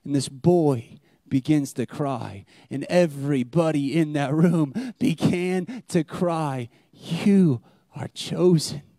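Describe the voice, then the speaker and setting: A young man preaching a sermon as pastor, animated, swinging between loud emphasis and hushed, intimate lines. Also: a little high, takes it slowly, dry recording, clean studio sound.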